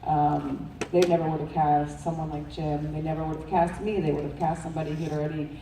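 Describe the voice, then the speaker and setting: A woman's voice: deep voice, level tone, a little fast. A woman with a New York accent, a guest at a convention panel, talking casually and swearing and laughing as she rambles. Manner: chatty, swears, laughs often, rambling restarts. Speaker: interview guest, actress. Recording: roomy, distant mic, faint hiss.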